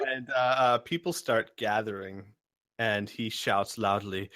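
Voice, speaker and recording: A man's voice: fairly low pitch, takes it slowly, pushed and bright, dry recording, clean studio sound. A man narrating as game master in a casual, chatty way, with fillers and laughter.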